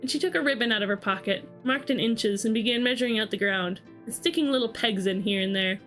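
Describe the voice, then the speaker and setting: A woman's voice: fairly high pitch, fast talker, few pauses, soft background music. Woman reading a storybook aloud. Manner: steady storytelling with small restarts. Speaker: streamer reading a book aloud. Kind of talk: storybook read-aloud narration.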